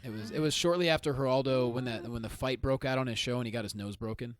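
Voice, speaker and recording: A man's voice: mid-range voice, fast. A man, a comedian guest on a movie podcast, retelling film scenes with animation. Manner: animated storyteller. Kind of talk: casual movie podcast chat.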